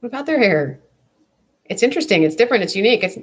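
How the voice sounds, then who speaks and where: A woman's voice: medium pitch, lively intonation, fast talker. A young woman chatting casually to camera on her vlog, blunt, profane and rambling. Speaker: vlogger.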